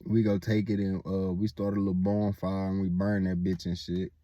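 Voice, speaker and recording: A man's voice: sits low, flat delivery, moderate pace, warm tone, dry recording, dull audio. A young man casually telling a story, rambling and full of filler words and swearing.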